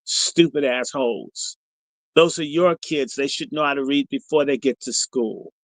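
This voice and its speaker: A middle-aged man hosting a podcast delivers a storytelling monologue on a livestream, animated, provocative, profane and combative. His mid-range voice moves a little slowly, and the low-quality recording has no echo.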